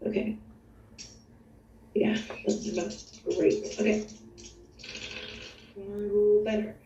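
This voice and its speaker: A woman's voice: medium pitch, flat delivery, slow, dark tone, echoey room. A woman playing a tabletop role-play game in a playful, laughing way, recorded distant and dull with faint noise. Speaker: player.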